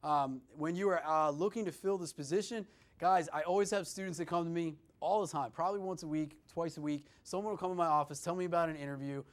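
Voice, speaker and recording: A man with a somewhat high voice coaching students on job interviews. He talks in an animated, conversational way, keeps calling the listeners "guys" and leans on "you know" as he goes. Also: fast. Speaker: career services presenter. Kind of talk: instructional talk to students.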